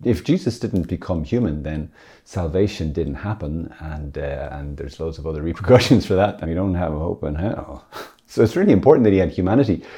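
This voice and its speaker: A man with a low, mellow voice talks through church teaching in a relaxed, chatty way. He is a priest from Ireland who keeps cracking jokes at his own expense and laughing them off. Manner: jokey, self-deprecating, chatty. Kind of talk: casual teaching talk.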